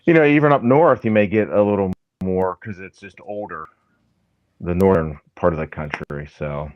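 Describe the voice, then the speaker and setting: A man's voice: sits low, normal speed, highs cut off, a little hiss or hum. A man who is a firefighter and paranormal investigator, chatting hesitantly as a podcast guest with lots of restarts. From American South. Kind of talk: casual podcast chat.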